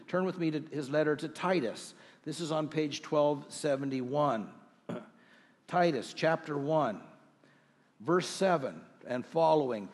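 A middle-aged male pastor preaching a sermon to his congregation, earnest, with rhetorical questions and slow scripture readings. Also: fairly high pitch, husky, long reverb tail. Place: church sanctuary.

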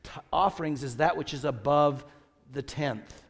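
A male pastor delivers a sermon in a somewhat high voice, reading scripture with mounting emphasis and pausing to quiz his listeners. His words ring out with a long reverb, as in a large church sanctuary. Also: vocal fry. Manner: asks the congregation questions, reads scripture with rising emphasis.

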